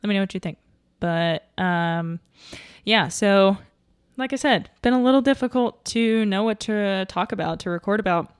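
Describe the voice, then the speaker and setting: Talking on her own podcast, this young woman has a medium-pitched, smooth voice and a moderate pace. The recording is dry and studio quality. Her casual talk wanders as she thinks aloud, full of fillers and restarts, and she sounds slightly winded.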